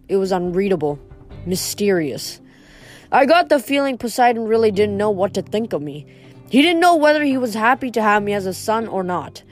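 A woman reading a novel aloud in first person, steady, with the odd stumble over a word. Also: a little high. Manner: steady first-person storytelling with small slips. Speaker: reader.

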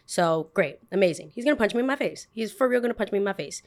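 A woman in her twenties, a podcast host telling a story in a casual, animated way, full of "like" and "I was like.". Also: mid-range voice, a little fast. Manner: animated, fills speech with "like" and "I was like".

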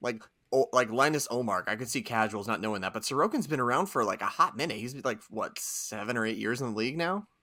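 A man's voice: mid-range voice, animated, fast talker, hardly any pauses, sharp tone, no room sound, clean studio sound. A man hosting a casual hockey podcast, teasing the others and running the draft. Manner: teasing, swears, runs the draft. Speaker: podcast host.

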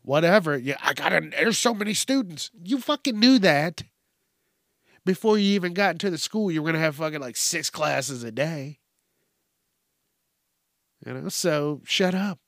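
A man's voice: fairly high pitch, expressive, normal speed, gravelly, pauses often, fairly bright tone, dry recording, clean studio sound. A man hosting a podcast, giving rambling, profane, casual commentary on the news. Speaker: podcast host.

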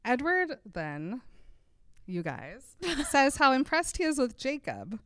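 A woman's voice: high voice, big pitch swings, slow pace, fairly bright tone, no echo, studio quality. A woman co-hosting a podcast, retelling scenes in casual chat, laughing often and slipping into the characters' quoted lines. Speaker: podcast co-host.

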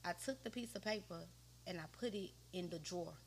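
A woman's voice: fairly low pitch, brisk, a little hiss or hum. A woman guest on a podcast, telling a personal story in a slangy, conversational way. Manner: slangy, conversational, often quoting others.

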